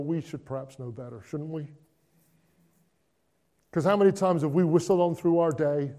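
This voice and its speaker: A preacher with a high, light voice talks to his congregation in an easy conversational way. He drops to a hush, then lifts into excited bursts, and he repeats phrases for effect. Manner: conversational, repetitive, swings from hushed to excited. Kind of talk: Christmas sermon.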